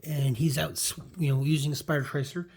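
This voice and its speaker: A man's voice: on the high side, fairly even intonation, fairly quick, vocal fry, darkish tone, slightly rough. Rambling casual comic reviewer, man. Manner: rambling, full of fillers and restarts. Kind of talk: casual chat.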